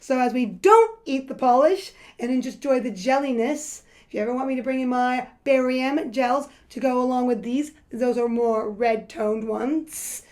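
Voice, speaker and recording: Chatty, excitable woman nail vlogger. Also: sits high, moderate pace, few pauses. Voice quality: voice crackling. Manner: chatty, rambling, excitable with sing-song bursts. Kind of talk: casual voice-over while painting nails.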